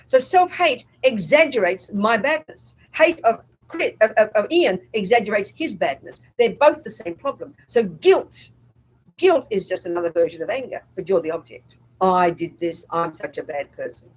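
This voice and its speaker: In a fairly high, husky voice with big pitch swings and a moderate pace, a Buddhist nun gives a dharma talk at a retreat. She is blunt and emphatic, voices inner thoughts in quotes, and frequently asks if the group is following. The audio quality is poor.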